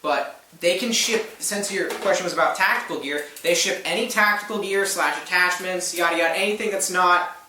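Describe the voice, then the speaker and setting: A young man co-hosting a casual question-and-answer chat, quick and enthusiastic with a joking streak. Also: sits high, sharp tone. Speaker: co-host answering fan questions. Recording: echoey room, mic at a distance, faint noise.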